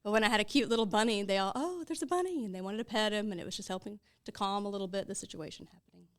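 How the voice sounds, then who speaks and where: A woman's voice: mid-range voice, level tone, racing, clear, resonant tone. A woman being interviewed about running her ministry's operations, speaking cheerfully and matter-of-factly. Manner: cheerful, matter-of-fact, laughs lightly. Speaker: guest, runs ministry operations. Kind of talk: casual interview talk.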